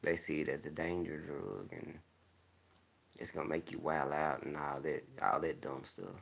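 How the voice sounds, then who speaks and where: A man talking candidly in a laid-back, rambling monologue, clearing his throat often. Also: a bass voice, moderate pace, fairly bright tone. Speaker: vlogger. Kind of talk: casual monologue to camera. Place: home, smoking while talking.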